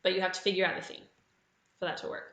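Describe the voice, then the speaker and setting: A woman's voice: on the low side, completely flat delivery, fairly bright tone, reverberant, muffled recording. Australian woman hosting a pub quiz. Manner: reads clues slowly and repeats them. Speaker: quiz host.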